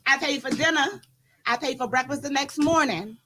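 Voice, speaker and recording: A woman co-hosting a group chat, telling a dating story in a lively, dramatic way. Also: high-pitched, moderate pace, background noise. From Washington, D.C. area. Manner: lively, dramatic retelling with laughs and quoted voices. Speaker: co-host.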